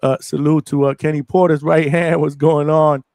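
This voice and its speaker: Energetic slangy man hosting a live show. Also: on the high side, moderate pace, no echo, clean studio sound. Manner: energetic, slangy, gives shout-outs to viewers. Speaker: host of a live boxing show. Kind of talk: casual live-stream chat.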